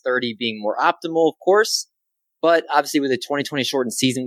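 A man's voice: medium pitch, fairly bright tone, no room sound. An upbeat man hosts a sports podcast solo, chatting casually and poking fun at himself. His voice sits in a middle range, and the recording is dry and close with no room sound. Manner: upbeat, self-deprecating, quick asides. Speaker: podcast host.

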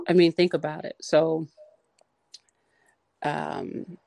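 A woman speaks on a podcast in an earnest, halting way, pausing often on fillers. Her voice has a gravelly fry to it. The sound is dry and close, with no room around it. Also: sits low, little pitch movement, darkish tone, no echo. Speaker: podcast co-host. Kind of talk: casual discussion.

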